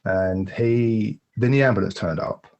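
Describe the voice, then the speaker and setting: A man's voice: lowish voice, measured pace, darkish tone, dull audio. A man candidly telling a personal story as a podcast guest, rambling and acting out the voices of the people he quotes.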